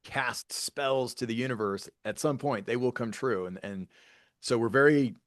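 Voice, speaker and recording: A man's voice: medium pitch, moderate pace, a bit bright, dry recording, studio quality. A man who is a guest on a podcast, telling a personal story in an earnest, upbeat, casual way. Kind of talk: casual conversation.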